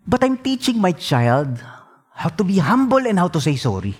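A man's voice: sits high, big pitch swings, moderate pace, slightly rough. A middle-aged man with a Filipino accent, preaching a sermon. He switches between languages and acts out quoted dialogue.

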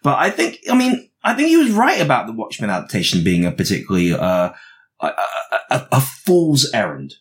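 A man's voice: mid-range voice, huge pitch swings, a little fast. A man co-hosting a casual podcast chat, breaking down a comic book with many fillers and restarts. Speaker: podcast co-host.

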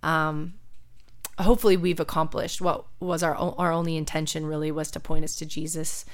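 A woman's voice: deep voice, little pitch movement, moderate pace. A woman hosting a church podcast as a young adults pastor, talking in a casual way, emotional and near tears. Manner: warm, tearful, laughing softly.

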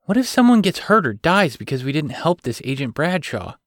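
A man voicing an excited, teasing teenage girl about to start college, eager and pushy. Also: mid-range voice, normal speed, dry recording, studio quality, lightly acted. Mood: excited, insistent.

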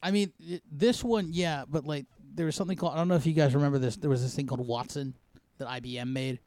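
A man in comedy podcast banter, tripping over his words and restarting as he cuts in. His voice is a bit high for a man. The sound is dry and close. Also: fast, a little mellow, no room sound. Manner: stammering restarts. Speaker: podcast co-host.

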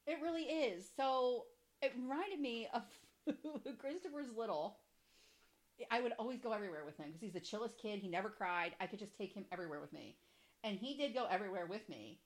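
A woman's voice: a little high, lively intonation, fairly quick. A young adult woman hosting a podcast, telling stories with a lot of swearing and laughter in casual chat. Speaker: podcast host.

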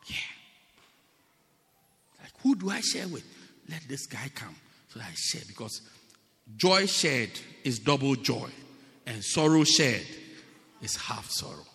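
A man preaching a sermon to a congregation in an animated, playful, teasing way, heard with long reverb in a church hall. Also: medium pitch, a little slow, long pauses.

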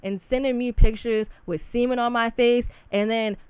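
A woman's voice: on the high side, steady tone, moderate pace, a little mellow, smooth, no room sound. A young woman hosting a solo podcast, talking in an impassioned, heated way full of "like" fillers. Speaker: podcast host. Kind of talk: casual solo podcast rant.

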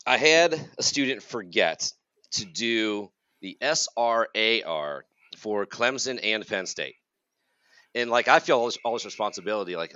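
A man's voice: fairly low pitch, moderate pace, sharp tone, dry recording, highs cut off. A man in his forties, a college counselor co-hosting a podcast, ranting in an exasperated, sarcastic way. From United States. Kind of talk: casual podcast rant.

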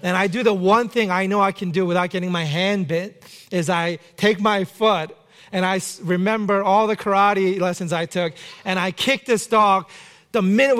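A man, a pastor, preaching a sermon and telling a lively personal story in a church, sometimes shouting out the lines. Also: high-pitched. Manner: animated anecdote with acted shouts.

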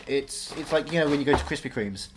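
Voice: mid-range voice, fast, noisy background. A podcast co-host in casual comedy chat, rambling and joking, often restarting mid-thought.

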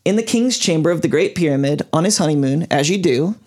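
A man's voice: on the high side, fast talker. A man hosting a casual podcast, walking his co-hosts through a story and tripping over hard names. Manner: lively, explanatory, stumbles over names. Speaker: podcast host. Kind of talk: casual podcast chat, explaining a topic.

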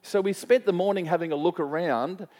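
Preaching in a church hall, a male pastor with a high, darkish voice speaks briskly. He tells a story conversationally, restarting often and posing questions to the congregation, while the hall's long reverb carries his words.

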